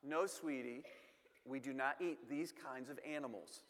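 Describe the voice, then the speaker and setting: A man quoting a quiet, serious young father. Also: mid-range voice, a little slow, in a large hall, voice pushed down, close to an everyday voice. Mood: hushed. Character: patient young father answering his daughter.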